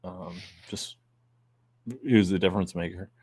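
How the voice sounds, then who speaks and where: A man's voice: low voice, level tone, moderate pace, darkish tone, slightly rough, no echo. A man co-hosting a casual sports podcast, joking and laid-back with his friend. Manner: joking, laid-back, says dude and bro. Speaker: podcast co-host.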